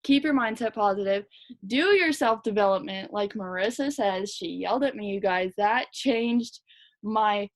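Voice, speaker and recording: A young woman team leader giving a fast, chatty, energetic motivational talk to her team. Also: medium pitch. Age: young adult. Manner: fast, chatty, energetic, lots of "like" and "you guys". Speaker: direct sales team leader.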